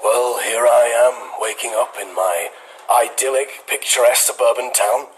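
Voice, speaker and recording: A man's voice: mid-range voice, moderate pace, slight background noise, natural voice, rough recording. A man voicing an earnest noble lord who speaks formally and grandly. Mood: contented.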